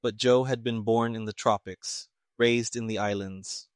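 A man narrating an audiobook in a steady, plain storytelling manner. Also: fairly low pitch, unhurried, smooth, dry recording, clean studio sound.

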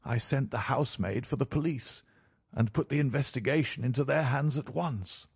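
A man narrating a story in a measured, formal way, as an audiobook reader. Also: mid-range voice, vocal fry, husky, dry recording, clean studio sound. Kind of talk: scripted narration.

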